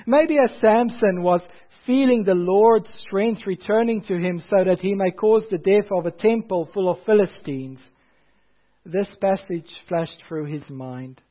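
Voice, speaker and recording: Man, pastor, sermon, high voice, emphatic rhetorical questions, tinny phone-like sound. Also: a little slow.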